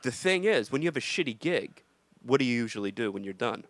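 A man's voice: medium pitch, fast talker, no echo. A male comedian hosting a podcast, telling stories in a casual chat and acting out the voices of the people in them. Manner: animated storyteller acting out voices.

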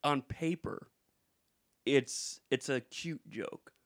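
A male podcast host chatting casually in an easygoing, halting way. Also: mid-range voice, a bit bright, dry recording, clean studio sound.

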